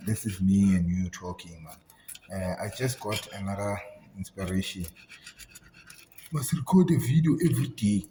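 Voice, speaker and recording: Deep-voiced man, chanting playfully. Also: warm tone, slight background noise. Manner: playful, chants repeated words while cooking. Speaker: cooking vlogger. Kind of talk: casual cooking vlog.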